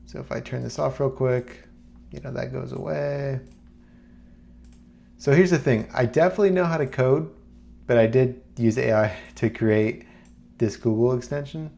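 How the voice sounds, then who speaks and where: A man talking casually to camera as a YouTuber, rambling and relaxed with plenty of fillers. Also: mid-range voice, vocal fry. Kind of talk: casual screen-recorded talk.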